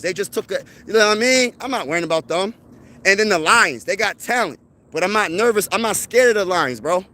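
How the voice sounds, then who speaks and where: Hyped high-voiced sports host. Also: male voice, bright, forceful tone. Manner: boastful, hyped trash talk. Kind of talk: live-stream sports chat.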